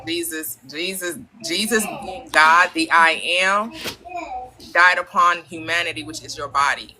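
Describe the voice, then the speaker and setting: This woman has a low, bright, forceful voice and hosts a spiritual talk show. She affirms her guest and lays out her teaching firmly. A faint hiss of noise sits behind her. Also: measured pace, low-quality recording. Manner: affirming, preacher-like explanations. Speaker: host.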